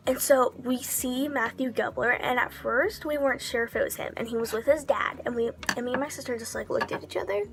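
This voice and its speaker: High-voiced chatty woman telling a story. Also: vocal fry. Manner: chatty, heavy use of 'like' fillers; excitable, drops into whispers for quoted asides. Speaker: vlogger. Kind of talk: casual storytelling.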